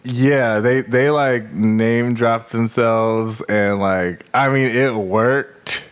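A man chatting on a podcast in a laid-back, joking way. His voice sits at a middle pitch for a man. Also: steady tone, drawn-out words, clear, resonant tone. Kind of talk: casual chat.

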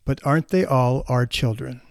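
A man's voice: mid-range voice, normal speed, creaky, no echo, clean studio sound, natural voice. A man voicing a grieving, desperate man in wartime, with urgent, pleading speech.

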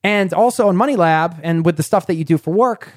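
A man's voice: high voice, a little fast, no echo, clean studio sound. A man hosting a conversational podcast interview, chatty and asking probing questions. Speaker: podcast host.

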